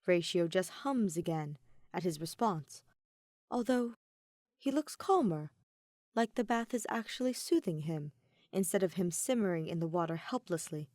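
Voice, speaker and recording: A woman's voice: fairly low pitch, lively intonation, normal speed, a little mellow, dry recording. Woman narrating a story, dry sound. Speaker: podfic reader. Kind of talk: audiobook narration.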